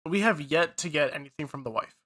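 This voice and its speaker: Man, podcast co-host, higher voice, bright tone, reads a story aloud, casual banter. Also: a little fast. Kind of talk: reading a story aloud then chatting.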